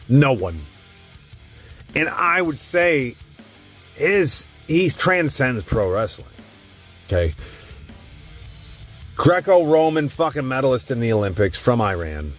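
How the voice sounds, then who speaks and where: Blunt, swearing man ranking wrestlers. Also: medium pitch. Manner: blunt, rambling, swears constantly. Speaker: tier list host. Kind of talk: casual profane commentary.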